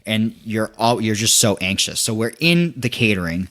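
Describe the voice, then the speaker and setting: A young man telling a story in casual podcast chat, animated, acting out quotes with many restarts. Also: on the low side, moderate pace.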